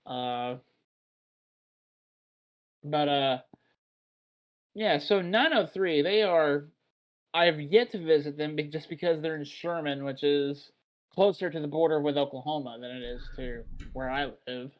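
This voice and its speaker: A man's voice: on the high side, unhurried, long pauses, dull audio. A man from Texas hosting a casual beer podcast, chatty and rambling, swearing offhand. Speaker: podcast host. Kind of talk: casual chat.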